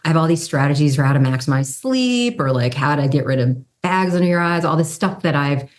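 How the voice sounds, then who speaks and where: A woman in her fifties, a guest on an interview podcast, telling stories casually and acting out the people she quotes. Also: a little fast. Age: 50s. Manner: animated, acts out quoted people with pitch jumps. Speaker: guest, brand strategy consultant and model.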